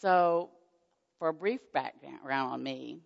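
A woman's voice: slow pace, creaky. An older woman born in Oklahoma with a Texan accent, giving a nervous, chatty faith testimony as a guest speaker in a church hall, acting out conversations. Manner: chatty storytelling, acts out dialogue with pitch jumps; nervous, self-deprecating. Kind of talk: personal faith testimony to an audience. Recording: dull echoey hall recording.

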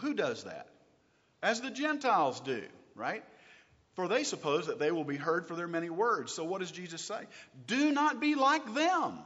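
A man teaching a recorded Bible lesson, asking his listeners questions and reading verses out slowly and with weight. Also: a little high, in a large hall, muffled recording. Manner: lively, asks rhetorical questions, reads scripture slowly.

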